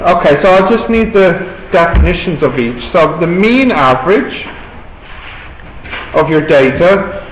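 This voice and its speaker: A man's voice: on the high side, expressive, a little slow, muffled recording. A male maths tutor with an Irish accent, patiently explaining step by step to a class. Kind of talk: classroom teaching. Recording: echoey classroom, faint background noise.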